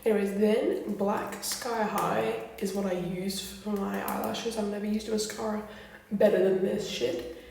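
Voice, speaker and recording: A woman's voice: medium pitch, gravelly, darkish tone, slight background noise. A young woman chatting casually through a makeup tutorial, blunt and swearing freely. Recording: very echoey room, distant from mic.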